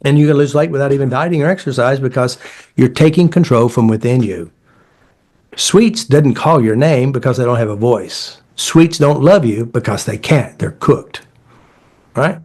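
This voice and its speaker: A man's voice: medium pitch, moderate pace. A middle-aged man, a therapist, telling stories in a casual conversation. His phrasing is blunt and folksy, and he slips into voices to act out quoted dialogue. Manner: animated, acts out quoted dialogue in shifting voices. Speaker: therapist and creator of a healing method.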